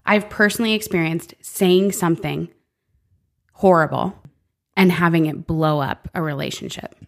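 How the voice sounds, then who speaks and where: Low-pitched woman, earnest faith-talk co-host, reflective. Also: fairly even intonation, moderate pace, gravelly. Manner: earnest, reflective, quotes scripture. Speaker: podcast co-host. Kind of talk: faith-based conversation.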